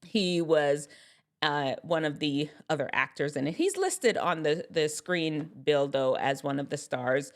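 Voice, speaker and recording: A woman hosting a casual reaction video, chatty and rambling, often laughing. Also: low voice. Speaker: video host.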